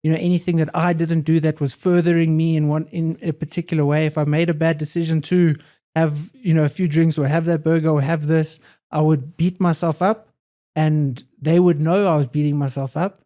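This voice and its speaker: A man's voice: on the high side, little pitch movement, brisk, warm tone. A young adult man, a podcast guest, talking in an earnest, reflective way and often repeating phrases. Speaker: podcast guest, hybrid athlete. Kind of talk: casual conversation.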